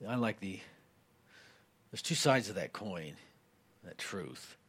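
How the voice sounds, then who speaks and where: A man preaching a sermon in a conversational way, with many fillers, growing more forceful when he reads scripture aloud. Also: low-pitched, expressive, slow, husky. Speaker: pastor.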